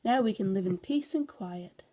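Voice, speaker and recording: A woman voicing a kindly old grandmother in a gentle storybook delivery. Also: medium pitch, lively intonation, moderate pace, close to an everyday voice.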